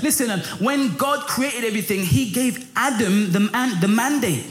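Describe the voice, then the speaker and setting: Male preacher, high voice, passionate, echoey room. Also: moderate pace. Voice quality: high for a man, lively and passionate, rising when pressed. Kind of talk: sermon. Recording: echoey room with faint music.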